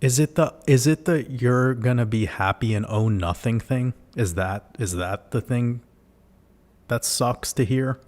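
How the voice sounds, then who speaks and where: A man's voice: mid-range voice, measured pace, darkish tone. A man hosting a livestream, talking casually and animatedly to his viewers, swearing and firing off rhetorical questions. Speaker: livestream host.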